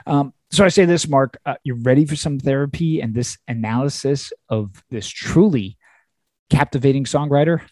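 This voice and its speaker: Gadatliwy gospodarz podcastu, suchy dźwięk. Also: male voice, medium pitch, moderate pace, a little mellow, dry recording. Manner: upbeat, chatty, laughs often. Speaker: podcast host. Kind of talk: casual podcast chat.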